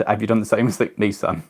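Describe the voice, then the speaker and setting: A man's voice: fairly low pitch, darkish tone, breathy edge. A man from England hosting a casual live stream, chatting and reading out viewer comments while building a model railway. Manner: chatty, reads viewer comments aloud, self-deprecating.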